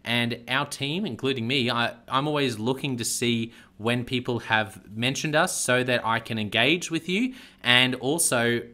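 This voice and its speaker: A man's voice: medium pitch, measured pace, pushed and bright. An Australian man hosting a leadership podcast, chatty and laughing often as he chats with a guest. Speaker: podcast host. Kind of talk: casual podcast interview.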